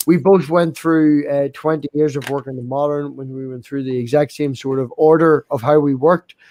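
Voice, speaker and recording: A man's voice: a little high, steady tone, moderate pace, a little mellow, slight background noise. A middle-aged man, joking crudely in casual podcast chat.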